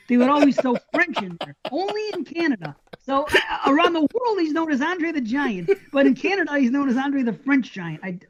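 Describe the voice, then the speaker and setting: A man's voice: very high-pitched, lo-fi sound. An American man hosting a podcast, telling rambling anecdotes in casual chat. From United States. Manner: rambling storyteller, chuckles often. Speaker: podcast host.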